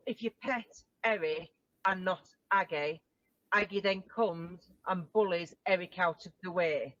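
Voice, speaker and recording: A woman's voice: fairly low pitch, measured pace, a bit bright. Chatty woman on dull lo-fi call audio. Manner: chatty, informal. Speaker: dog owner asking a question. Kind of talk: casual chat on a video call.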